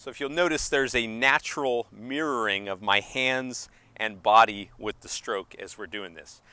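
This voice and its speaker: A tennis coach talks viewers through forehand drills on an outdoor court. His voice sits in an ordinary middle register, and he counts beats out loud while he swings. His tone stays upbeat and encouraging, and he gets a little winded as he moves to the ball. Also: medium pitch, moderate pace, clear, resonant tone, no room sound. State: slightly out of breath. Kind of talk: instructional on-court demonstration.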